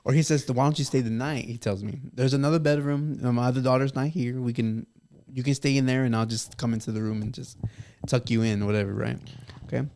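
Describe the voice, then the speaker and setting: A man's voice: mid-range voice, fairly quick. A man telling a story with laughter. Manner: animated, laughs through the telling, acts out dialogue. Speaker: podcast guest. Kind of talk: casual storytelling.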